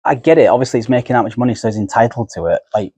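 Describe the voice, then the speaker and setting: A man's voice: medium pitch, very fast, dark tone, husky, dry recording. A man co-hosting a podcast, chatting casually and adding wry, sardonic asides. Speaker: podcast co-host. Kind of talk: casual chat.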